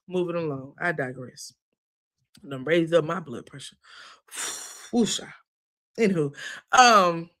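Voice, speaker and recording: A woman's voice: a little high, sharp tone. A woman giving a chatty, sassy recap of a reality show, full of asides. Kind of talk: casual recap commentary.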